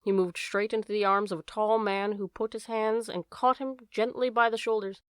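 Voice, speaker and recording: A woman narrating a short story in a measured, even reading voice. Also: medium pitch, smooth, dry recording, studio quality. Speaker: reader.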